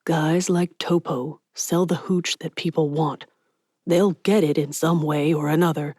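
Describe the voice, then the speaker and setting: A streetwise 1920s gangster, gruff but protective, clipped and blunt, as a female narrator reads him. The voice stays low and the recording is dry and close. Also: fairly even intonation, unhurried, darkish tone, no room sound. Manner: blunt, clipped tough-guy slang. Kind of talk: audiobook character voice.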